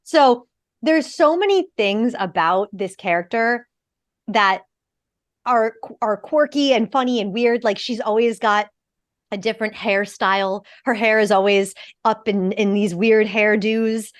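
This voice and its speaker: A woman who is an actor and podcast host, chatting in an animated, opinionated way and swearing freely. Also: mid-range voice, measured pace, no echo, clean studio sound. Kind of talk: casual podcast chat.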